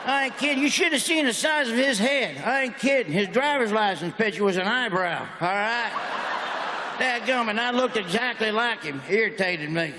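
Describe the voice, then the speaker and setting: A man's voice: high-pitched, expressive, normal speed, pushed and bright, slight background noise. A man with a Southern American accent doing a stand-up comedy set, delivering folksy punchlines in a drawl. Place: large hall on stage. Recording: stage mic in a big reverberant hall.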